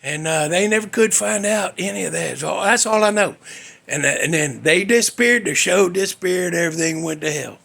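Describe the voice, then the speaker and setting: High gravelly man telling stories. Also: normal speed, a bit bright. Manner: folksy, rambling, profane. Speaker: podcast host. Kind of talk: casual storytelling.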